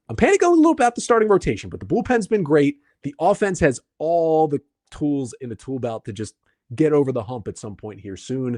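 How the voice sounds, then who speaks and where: A man hosting a solo sports podcast, explaining baseball numbers and answering listener questions in a brisk, stat-heavy way. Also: mid-range voice, a little mellow, no room sound, clean studio sound. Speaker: podcast host.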